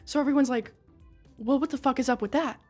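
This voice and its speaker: A woman with a fairly high voice recaps a story in a loose, chatty way. She gets worked up, swears freely and talks back to the characters as if they could hear her. Faint music plays underneath. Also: fast. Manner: excitable, swears and laughs a lot, talks to the characters.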